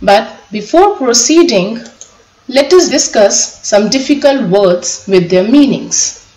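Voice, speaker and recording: A woman teacher reads a children's story aloud for a class lesson, stopping to spell difficult words one letter at a time. Her voice sits a little high and she speaks very slowly. The recording is roomy and echoey. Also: expressive, darkish tone. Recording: echoey room.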